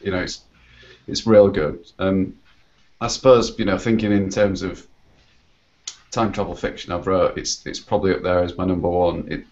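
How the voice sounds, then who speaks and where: A man's voice: low voice, flat delivery, normal speed, long pauses, darkish tone. Hesitant male guest author, lo-fi call. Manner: hesitant, many fillers. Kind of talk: casual chat. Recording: dull lo-fi web call.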